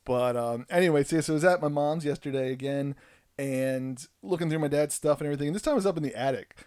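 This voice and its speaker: A man's voice: a little high, quick pace, clear, resonant tone, no room sound, studio quality. A man in his thirties telling a casual, rambling story as a parent, joking at his own expense. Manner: rambling and self-deprecating, with frequent restarts; animated when acting out quotes. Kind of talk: casual monologue.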